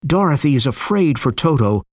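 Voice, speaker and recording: A woman reading a children's story aloud in an expressive, clear storytelling manner. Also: rumbling low, moderate pace, no room sound, clean studio sound.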